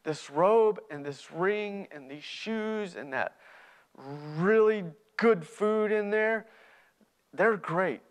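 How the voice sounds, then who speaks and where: A man's voice: very high voice, expressive, brisk, fairly bright tone, voice pushed up. A man playing a repentant younger son in a sermon parable, talking earnestly with stumbling restarts. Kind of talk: sermon storytelling.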